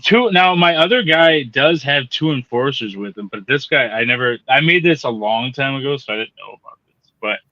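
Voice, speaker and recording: A man's voice: mid-range voice, animated, normal speed, pushed and bright, no echo, highs cut off. A man on a casual panel, laid-back and rambling, trailing off mid-thought. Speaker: panel guest.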